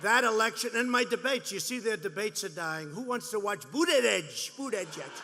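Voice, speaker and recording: Here a man with a high-pitched voice, lively intonation and a sharp tone talks at normal speed. He's a politician giving a mocking, boastful, rambling campaign speech to supporters inside a large rally venue, where long hall reverb and faint noise can be heard.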